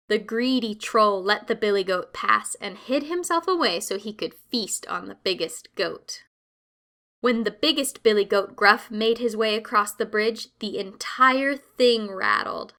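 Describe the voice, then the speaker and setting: A woman narrating classic children's stories in a slow, clear and expressive storytelling manner. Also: fairly high pitch.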